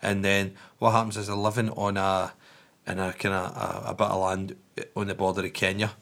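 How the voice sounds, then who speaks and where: A man's voice: low voice, little pitch movement, brisk, creaky, fairly bright tone. A man telling a story in casual podcast chat, rambling and swearing with many restarts.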